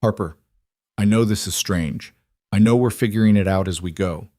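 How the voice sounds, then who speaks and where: A man voicing a powerful man who is a gentle, earnest father in a narrated story, speaking calmly and reassuringly. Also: lowish voice, normal speed, no echo, clean studio sound, close to an everyday voice. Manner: calm, reassuring.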